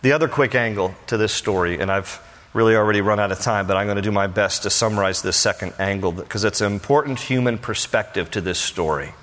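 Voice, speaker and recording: Bright-voiced middle-aged pastor preaching. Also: male voice, lowish voice, fast talker, big-room sound. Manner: conversational, animated, acts out dialogue. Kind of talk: sermon storytelling.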